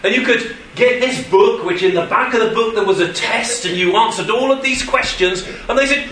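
A man preaching a sermon as a pastor, telling stories in an animated way and putting on quoted voices. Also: sits high, normal speed, few pauses, a little hiss or hum. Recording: echoey room from a distance.

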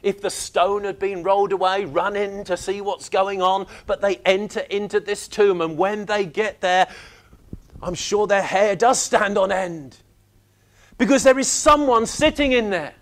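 A man with a very high-pitched voice delivers a sermon with animated storytelling. He drops low for quiet moments and acts out characters' reactions. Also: measured pace. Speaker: preacher.

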